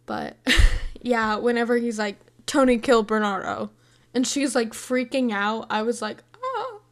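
A woman of about eighteen chatting casually about a movie, scattered and excitable, rambling from thought to thought. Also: fairly high pitch, a little slow. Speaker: movie reviewer. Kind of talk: casual chat.

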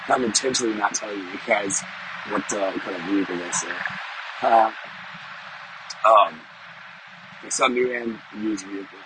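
A man's voice: fairly low pitch, normal speed, long pauses. Rambling middle-aged man with background noise. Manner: rambling and conversational, repeats himself, often asks "you know?". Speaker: vlogger and sales professional. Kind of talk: casual monologue to camera.

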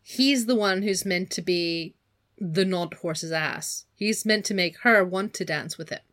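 A woman's voice: fairly low pitch, unhurried. Chatty woman co-hosting. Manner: chatty, animated, laughs often, slips into put-on accents. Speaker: podcast co-host. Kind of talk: casual book discussion.

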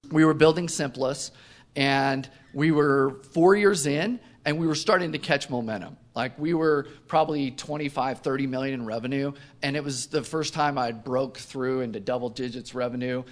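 Guy in an interview, mid pitch voice, telling a goofy story about himself, pretty animated. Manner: animated, self-mocking anecdote telling. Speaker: company co-founder, interview guest. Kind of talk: casual storytelling in a conversation.

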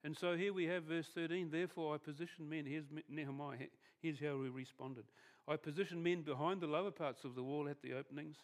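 A man's voice: on the high side, steady tone, fast, few pauses. Conversational male pastor preaching. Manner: conversational preaching with frequent restarts, dropping softer at ends of thoughts. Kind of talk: sermon.

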